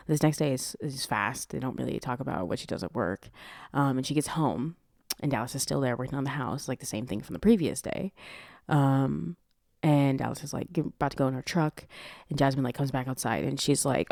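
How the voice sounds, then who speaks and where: A woman hosting a podcast, reviewing a movie in casual chat, talking in an animated, profane way. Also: a bass voice, brisk, creaky, no room sound, clean studio sound. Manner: profane, animated, laughs often. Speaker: podcast host.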